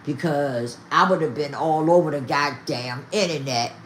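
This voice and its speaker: A woman's voice: deep voice, moderate pace, a little hiss or hum. An older woman talking casually to her viewers, emphatic and repetitive. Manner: emphatic, repeats herself, talks straight to viewers. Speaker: vlogger.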